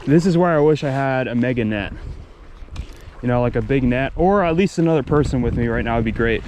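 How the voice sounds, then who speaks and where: A man vlogging while fishing alone, who talks straight to viewers in excitable live commentary and repeats his exclamations. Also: mid-range voice, a little fast. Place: outdoors on a river. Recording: outdoor recording with wind and water noise.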